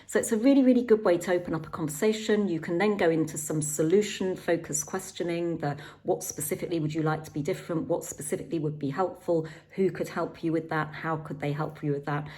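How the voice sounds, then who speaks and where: A middle-aged woman with a low, soft-set voice talks carers through a training exercise. She is calm and gentle and often pauses on an um or repeats a word before going on. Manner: calm, gentle, with frequent ums and repeated words. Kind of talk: instructional talk.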